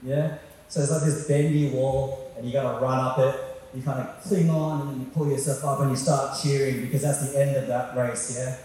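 A man's voice: medium pitch, steady tone, normal speed, dark tone, a little hiss or hum. A man preaching a sermon, talking in a conversational way and putting questions to the congregation. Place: church hall. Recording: echoey hall from far off.

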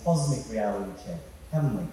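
A man's voice: lowish voice, expressive, a little fast, warm tone. A man preaching a sermon, talking in a conversational way and putting questions to the congregation. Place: church hall. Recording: echoey hall from far off.

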